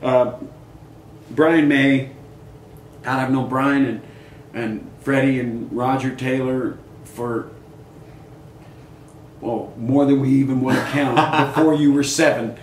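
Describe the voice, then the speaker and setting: An older man in his sixties, a musician guest in a casual interview, telling animated stories and acting out quoted dialogue. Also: mid-range voice, slow pace, pauses often. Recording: echoey room with faint noise.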